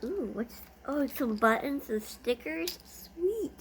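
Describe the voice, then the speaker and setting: Woman vlogger, gushing unboxing chat, high pitch with a gravelly edge. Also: animated, slow pace, a little hiss or hum. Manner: gushing, easily delighted.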